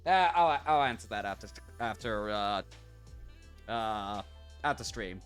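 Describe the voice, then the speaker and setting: A man's voice: lowish voice, expressive, unhurried, a bit bright, soft background music. A man streaming a game, chatting casually and stumbling through answers with fillers. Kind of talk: let's-play commentary and reading aloud.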